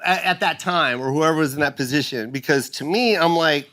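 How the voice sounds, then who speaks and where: A man from the United States, a guest comedian in a casual podcast chat, telling animated stories and laughing often. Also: a little high, brisk.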